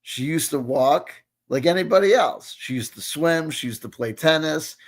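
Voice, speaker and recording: A man's voice: a little high, animated, normal speed. A man in his late forties hosting a casual reaction commentary, rambling and swearing, constantly checking in with his listener. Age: 40s. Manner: rambling, profane, keeps asking "you know what I mean". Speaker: host.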